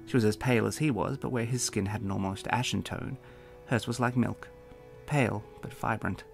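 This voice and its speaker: A man's voice: on the low side, moderate pace, gravelly, faint music behind. A man, the author, narrating a fantasy novel in a dry, wry storytelling manner. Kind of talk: audiobook narration.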